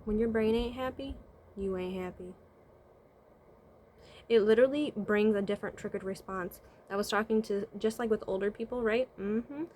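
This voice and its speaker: A woman's voice: mid-range voice, moderate pace, darkish tone, a little hiss or hum. A woman vlogger talking casually to camera and giving life advice. She asks rhetorical questions, checks in with "right?", and hums "mm-hmm" as she thinks. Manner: hums "mm-hmm" often while thinking aloud. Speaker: vlogger and spiritual consultant.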